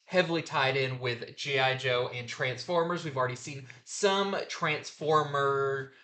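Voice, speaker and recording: Bright-voiced man rambling about comics. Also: mid-range voice, a little slow. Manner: enthusiastic, rambling with fillers. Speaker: comic book review host. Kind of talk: casual review chat.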